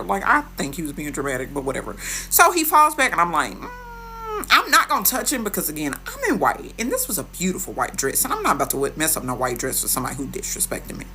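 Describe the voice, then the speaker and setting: A woman telling a dating story in casual storytime style, animated and dramatic. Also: low voice, fast, slight background noise. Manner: animated, dramatic retelling with quoted voices.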